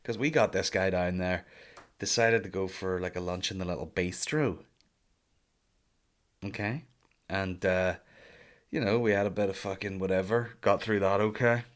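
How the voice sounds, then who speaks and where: A man's voice: moderate pace, pauses often. A man, a stand-up comedian hosting his own podcast, rambling in a loose, profane, jokey monologue. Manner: jumps into loud high mock voices for bits.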